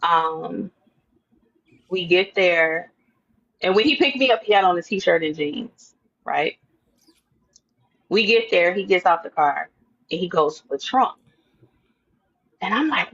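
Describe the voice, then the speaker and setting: A woman telling a lively personal story in an interview, acting out her own thoughts and the other people's words. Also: lowish voice, slow pace, long pauses, muffled recording. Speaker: interview guest. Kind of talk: animated storytelling.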